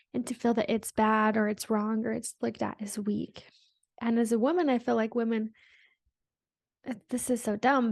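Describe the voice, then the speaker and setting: A woman hosts a spiritual podcast, drifting through a casual, reflective monologue in a soft-spoken way and using "like" frequently as a filler. Her voice is fairly high-pitched, and the recording is studio quality with no echo.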